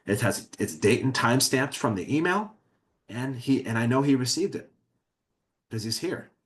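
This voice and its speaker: A man's voice: medium pitch, lively intonation, normal speed. A man presenting a workplace webinar as an HR consultant, talking conversationally and often checking in with "okay?". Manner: conversational, keeps asking "okay?"; frequent restarts and fillers.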